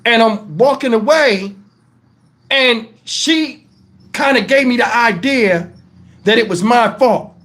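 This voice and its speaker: A man's voice: very high voice, slow pace, long pauses. A middle-aged man, telling a rambling story as host of his own channel. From Texas, USA. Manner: animated, profane, rambling with many asides. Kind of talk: casual storytelling to camera.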